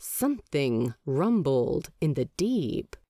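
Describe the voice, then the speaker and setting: A woman narrating a fan fiction audiobook with expressive storytelling. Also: deep voice, slow pace, dry recording, studio quality. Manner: expressive storytelling, lively inflection.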